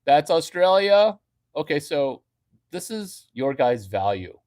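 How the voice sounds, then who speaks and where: Rambling man ranting slowly with big swings. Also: a little high, sing-song. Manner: rambling and crude, swinging between loud bursts and hushed baby talk. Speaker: vlogger. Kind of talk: off-the-cuff comedic rant.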